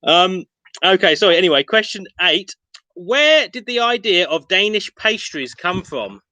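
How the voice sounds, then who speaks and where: A man's voice: high voice, sing-song, measured pace, pushed and bright, dry recording, low-quality recording. A man hosting an online pub quiz, reading questions and answers with chatty, self-mocking asides. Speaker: quiz host.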